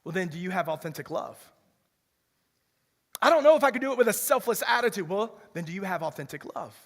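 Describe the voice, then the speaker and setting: A young man preaching a lively sermon as pastor, often repeating words as he restarts a sentence. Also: high voice, fast. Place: church sanctuary. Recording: long reverb of a church hall.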